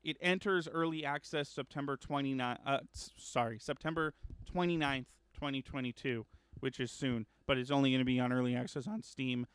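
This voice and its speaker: A man hosting a casual gaming news chat, rambling with lots of ums and uhs and correcting himself, getting excited about upcoming games. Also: mid-range voice, brisk, clean tone, no room sound. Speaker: gaming news show host.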